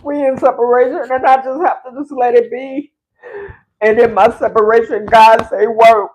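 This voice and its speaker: A woman's voice: a little high, flat delivery, normal speed, darkish tone, a little hiss or hum, low-quality recording. Tearful, fervent woman sharing faith testimony. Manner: fervent and tearful, often slipping into preaching. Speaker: livestream host sharing a personal faith testimony. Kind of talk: emotional casual faith testimony.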